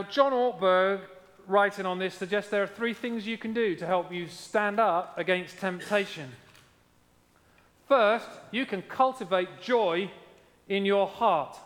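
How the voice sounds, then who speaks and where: High-voiced pastor preaching in a hall. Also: male voice, fairly bright tone. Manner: emphatic, repeats key lines, asks the congregation directly. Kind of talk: sermon.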